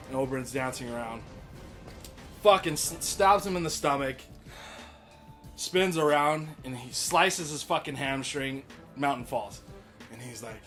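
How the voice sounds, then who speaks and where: A man's voice: medium pitch, lively intonation, moderate pace, fairly bright tone, faint music behind. A young man co-hosting a casual podcast, ranting and swearing hotly as he recaps a TV episode. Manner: heated, profane, ranting. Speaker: podcast co-host.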